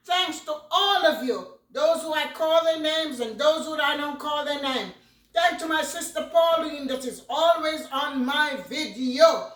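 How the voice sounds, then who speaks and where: Recorded from a distance in an echoey room, off-mic, a woman talks through her home cooking vlog, saying things more than once and thanking viewers. She has a high voice with a fairly bright tone.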